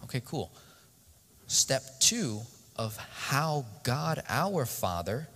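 Male guest preacher, slow pace, questions the crowd, recorded with long hall reverb. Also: lowish voice, fairly bright tone. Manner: interactive, asks the audience questions. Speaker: guest speaker. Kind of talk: sermon-style teaching. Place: church stage.

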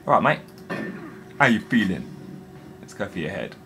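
A young man with a slightly low voice narrates his own horror-game playthrough. He mutters to himself, then yelps and swears when something startles him, all in an unscripted gaming-commentary way. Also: moderate pace, gravelly. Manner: jumpy and excitable, swearing and talking to himself. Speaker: gaming video host. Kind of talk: let's play commentary.

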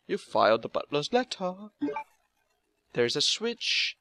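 A man giving casual, excitable commentary while playing a video game, swearing and thinking aloud. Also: a little high, slow, long pauses. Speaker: let's play gamer.

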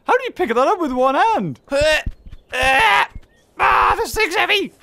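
A woman's voice: very high-pitched, sing-song, takes it slowly, gravelly, sharp tone. A woman giving playful, teasing commentary while playing a video game, often laughing and squealing at the characters. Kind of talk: casual let's-play commentary.

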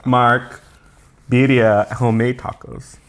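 A man's voice: medium pitch, level tone, slow pace. A man co-hosting a casual eating video, chatting in an upbeat way and laughing often. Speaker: co-host. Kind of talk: casual mukbang chat while eating.

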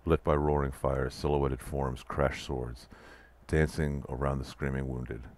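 A man with an extremely low, deep voice reads the passages of a text adventure aloud in an even way. Between passages he drops into dry, wry comments about what is going on. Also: measured pace. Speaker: let's play player reading text aloud. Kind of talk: reading interactive fiction aloud with asides.

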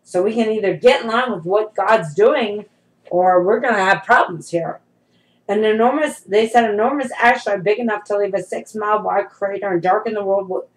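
A woman's voice: medium pitch, low-quality recording. A middle-aged woman giving an informal prophetic sermon, talking conversationally and emphatically to her followers, calling them saints.

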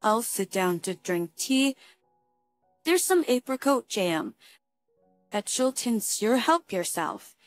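A woman's voice: on the high side, very animated, slow pace, long pauses, no room sound, soft background music. A woman voicing a meek, fretting elderly housewife, read as a story.

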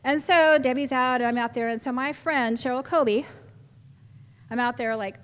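A middle-aged woman, giving an animated storytelling talk to a live audience in a large hall. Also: sits high, moderate pace, clear, resonant tone. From California, USA. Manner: animated, chatty, laughs often, with restarts. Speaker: symposium speaker. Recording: echoey hall reverb.

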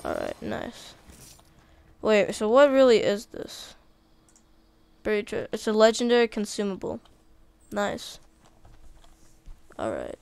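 Slow, smooth-voiced woman gaming. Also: medium pitch, no room sound. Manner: chatty, easily excited. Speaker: gaming video creator. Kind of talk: casual gameplay commentary.

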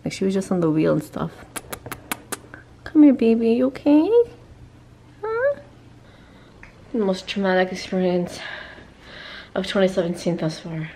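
A woman's voice: medium pitch, very animated, a little slow, long pauses, mellow, a little hiss or hum. A young woman filming a casual family vlog on a handheld camera, talking bluntly and exclaiming often. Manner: exclamatory and blunt, swears freely. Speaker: family vlogger.

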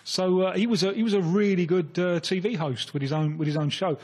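English male pundit, raised pitch, husky, easygoing and stumbling. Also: brisk. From England. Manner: relaxed, self-deprecating, many restarts. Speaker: football expert guest. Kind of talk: casual radio discussion. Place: radio studio.

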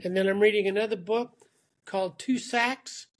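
A man's voice: high voice, steady tone, moderate pace. A man who is a guest on an interview show, joining remotely and telling stories in a chatty way with frequent restarts. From Atlanta, Georgia. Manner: talkative, storytelling with repeated restarts. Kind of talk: casual interview chat. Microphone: remote call.

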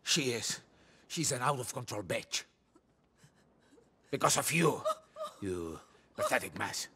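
A volatile middle-aged mob boss. He talks with a bright, lively edge, muttering darkly one moment and barking the next. It plays like a tense video game cutscene. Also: medium pitch, slow, slightly rough, full character voice. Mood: menacing. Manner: menacing, swings from brooding mutters to shouting.

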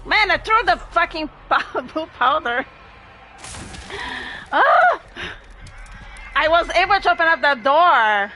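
Female streamer, bright tense voice, slow jumpy live commentary, faint game noise behind. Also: high voice, expressive, muffled recording. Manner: jumpy, laughing, swearing, talks to herself. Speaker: gamer streaming gameplay.

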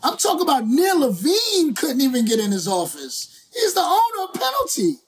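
A male rapper as a guest, telling a story in a lively, slangy, profane way and acting out other people's lines. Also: very high voice, moderate pace. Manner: slangy, profane, acts out quoted voices. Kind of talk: animated storytelling.

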